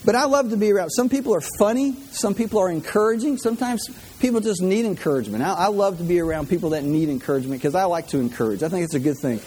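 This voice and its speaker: Man preaching, high voice, chatty, repeats himself, jokey, church. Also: animated, fast talker, darkish tone, breathy edge. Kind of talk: humorous sermon.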